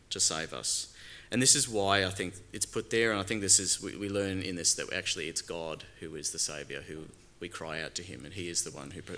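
Deep-voiced, bright-toned male pastor preaching. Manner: conversational preaching with rhetorical questions and fillers. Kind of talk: sermon.

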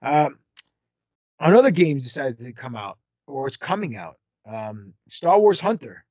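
A man's voice: medium pitch, measured pace, dry recording. A man hosting a casual podcast chat, leading the talk with questions and plenty of ums. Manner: relaxed, leads the talk with questions and hesitant ums. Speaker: podcast host.

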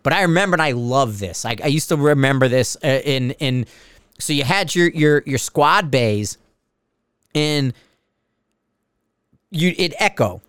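A man's voice: medium pitch, lively intonation, measured pace, pauses often, a bit bright, clean tone, no echo, studio quality. A middle-aged man hosting a podcast, talking in a rambling, profane, stop-start casual monologue. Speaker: podcast host.

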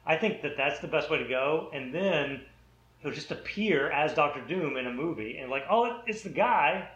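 A man's voice: a little high, normal speed, a bit bright. A man in a casual chat who argues his points in a matter-of-fact way. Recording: echoey, dull room recording.

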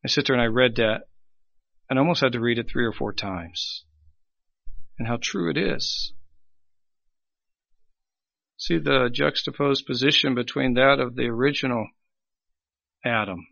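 A man delivers a sermon in a bright, forceful voice that rises on key phrases and sinks low at their close. The sound is dry and a little dull, like a lo-fi recording. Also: unhurried, vocal fry, long pauses, no room sound. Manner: emphatic preaching, swelling louder on key phrases and dropping low at ends. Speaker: pastor.

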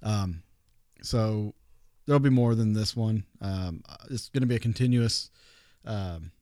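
A man's voice: lowish voice, a little slow, warm tone, dry recording, studio quality. A man talking casually as a podcast guest, rambling with many fillers and restarts. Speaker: guest paranormal investigator.

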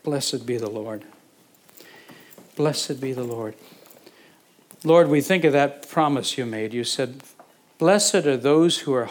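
Fervent man preaching a sermon. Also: medium pitch. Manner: fervent, builds from quiet to urgent pleading; repeats phrases for emphasis. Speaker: pastor. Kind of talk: sermon with closing prayer.

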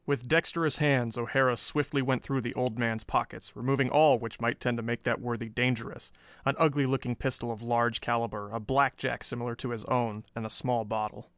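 A man's voice: medium pitch, steady tone, brisk, a bit bright, no room sound. Man narrating a thriller, dry close sound. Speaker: audiobook narrator. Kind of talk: scripted narration of a pulp thriller.

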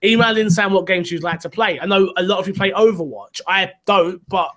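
A chatty male podcast host with a noticeably high voice, talking casually about gaming with his co-host. He sounds upbeat and laughs easily, and he reads listener mail aloud. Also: a little fast, fairly bright tone. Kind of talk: casual chat, reading listener emails.

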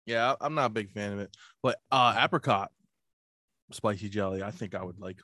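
A man's voice: fairly low pitch, normal speed, no echo, clean studio sound. A man chatting casually, swearing and laughing a lot as a guest. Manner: profane, laughing, excitable. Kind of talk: casual chat.

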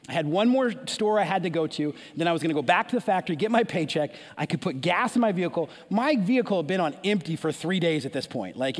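A man with a fairly high voice tells a story from the pulpit, animated and full of restarts and asides. A long hall reverb trails behind his words. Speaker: preacher. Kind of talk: sermon storytelling.

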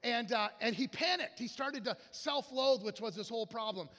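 A man with a notably high speaking voice delivers a sermon, bringing his anecdotes to life by playing out the people in them. His voice echoes through a large church sanctuary with a long, lingering reverb. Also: normal speed, fairly bright tone. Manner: storytelling with acted-out quotes and asides. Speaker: guest pastor.

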